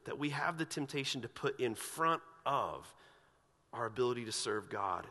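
A man's voice: mid-range voice, in a large hall. A man preaching a sermon as pastor in a church, asking earnest, searching questions of the congregation. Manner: earnest, questioning, animated when retelling scripture scenes. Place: church sanctuary.

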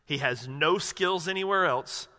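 A man's voice: fairly high pitch, unhurried, bright, forceful tone. A male pastor preaching a sermon in a casual, conversational way, acting out inner monologues. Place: church sanctuary. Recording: long reverb of a large hall.

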